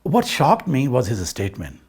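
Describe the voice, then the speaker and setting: A man's voice: mid-range voice, wildly swooping pitch, normal speed, darkish tone, slightly rough. A man in an interview recalling a trip with a friend, telling it as a story, trading quoted lines back and forth, a little emotional. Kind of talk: personal recollection in an interview.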